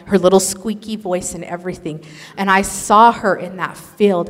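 A woman telling an emotional religious testimony in an earnest, animated storytelling manner. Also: medium pitch. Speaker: speaker sharing a testimony. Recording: echoey hall.

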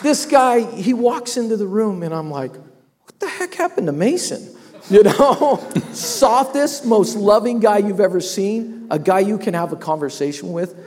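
A man's voice: high-pitched, unhurried, few pauses, a little mellow, long reverb tail, a faint crowd. A man telling an emotional personal testimony about his workplace, laughing often and tearing up at moments. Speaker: business owner sharing a testimony.

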